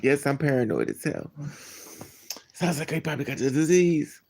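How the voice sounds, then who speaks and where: A man hosting a livestream, telling a personal story to his viewers in a candid, animated, blunt way. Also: a little high, a little fast, a little hiss or hum. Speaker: livestream host. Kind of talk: casual storytelling to a live chat.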